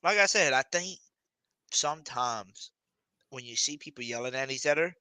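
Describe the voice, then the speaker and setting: A man hosting a casual sports talk show, animated and profane, acting out imagined quotes. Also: medium pitch, moderate pace, dry recording. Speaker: sports podcast host.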